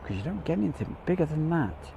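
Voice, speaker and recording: Chatty Midlands-accented man, lively pitch. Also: quick pace, vocal fry, slight background noise. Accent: English Midlands. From English Midlands. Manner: chatty, rambling, self-deprecating. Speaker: livestream host. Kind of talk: casual live commentary.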